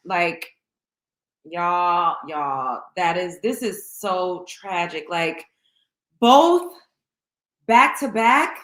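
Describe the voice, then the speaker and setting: A woman's voice: fairly low pitch, animated, very slow, long pauses, fairly bright tone. A woman hosting a casual livestream chat, talking with her viewers and greeting them by name. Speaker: host. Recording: echoey room.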